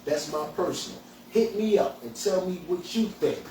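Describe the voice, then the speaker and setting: A man's voice: sits high, expressive, moderate pace, mellow, slight background noise. Fired-up profane man. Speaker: podcast host and hemp dispensary owner. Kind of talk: angry outspoken rant. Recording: echoey room, voice from far off, faint ambience.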